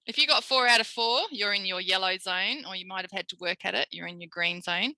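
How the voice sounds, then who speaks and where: An Australian woman, a speech pathologist, giving a recorded tutorial lecture in a lively way, acting out quoted voices. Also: mid-range voice, fairly quick, no room sound, poor audio. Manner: animated, acts out quoted voices.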